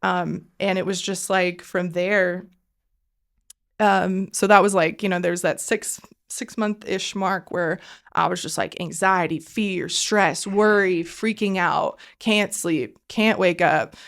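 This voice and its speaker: A woman's voice: lowish voice, steady tone, slow, creaky. Earnest woman telling a faith story. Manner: earnest, filler-heavy storytelling, often dropping to a hushed voice for quoted prayers. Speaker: podcast guest. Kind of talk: emotional personal faith story.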